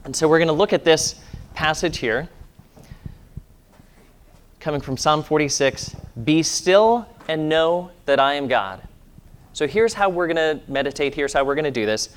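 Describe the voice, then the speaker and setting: A man, a pastor, giving a sermon in a church and leading a calm guided meditation in a soft, hushed voice. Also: a little high, normal speed, long pauses, clean tone. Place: church sanctuary.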